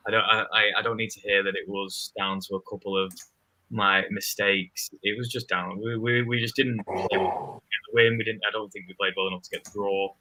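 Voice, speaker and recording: A man with an English accent, a guest fan giving his match opinions in halting speech with many restarts. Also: lowish voice, level tone, bright, forceful tone, a little hiss or hum, low-quality recording. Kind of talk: casual football fan chat.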